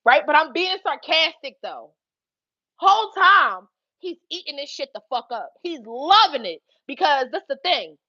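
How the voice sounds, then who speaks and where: Brief: young woman, high bright voice, casual storytelling, dry slightly dull sound. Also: unhurried, no echo. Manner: animated, profane, laughs often, acts out quotes. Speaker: livestream host telling a story.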